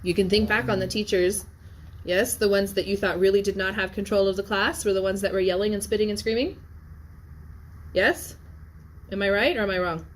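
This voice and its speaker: A woman's voice: medium pitch, fairly even intonation, brisk, a little hiss or hum. Chatty woman teaching a class. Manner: conversational, keeps checking in with "yes?" and "okay?". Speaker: Latin teacher. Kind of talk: classroom lecture with discussion.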